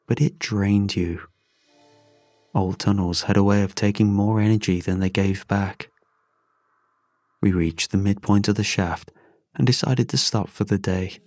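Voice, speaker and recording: Male narrator, low-pitched, dry close read, measured and somber, faint music bed. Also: darkish tone, no echo. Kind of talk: scripted first-person horror narration.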